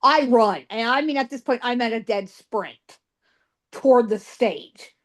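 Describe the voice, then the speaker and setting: A woman's voice: fairly high pitch, measured pace. A woman guest psychic telling a ghost story in a dramatic way, acting out voices and sounds and often saying "you know".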